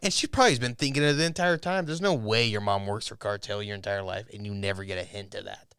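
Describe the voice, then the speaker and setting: Man, casual podcast recap, smooth resonant voice, dry close mic, rambling and animated. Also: on the low side, quick pace, no echo. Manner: rambling, animated retelling with quoted lines and swearing. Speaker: podcast co-host. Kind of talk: casual TV review chat.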